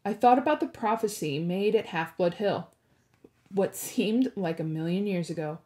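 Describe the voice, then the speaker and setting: A woman teacher reading a chapter book aloud and discussing it, with expressive, animated storytelling. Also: mid-range voice, moderate pace.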